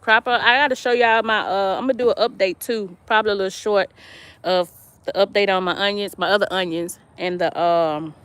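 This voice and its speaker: A woman's voice: mid-range voice, steady tone, a little fast, a bit bright, clear, resonant tone, no echo. A middle-aged woman, chatting casually on a live stream from her yard and reading viewer comments aloud between laughs. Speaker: vlog host. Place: outdoors in a yard.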